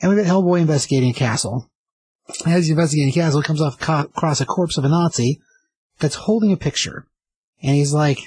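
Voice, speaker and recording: Husky man rambling through a comic recap. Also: a little high, quick pace, darkish tone, poor audio. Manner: rambling, enthusiastic summary with fillers. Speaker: comic book reviewer. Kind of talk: casual review chat.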